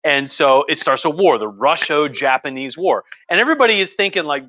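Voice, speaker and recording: Bright, profane man ranting about history. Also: fairly high pitch, animated, a little fast, few pauses, no echo, lo-fi sound. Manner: profane, rambling, with acted mock voices. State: drinking wine. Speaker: history lecturer. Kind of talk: tipsy casual history rant.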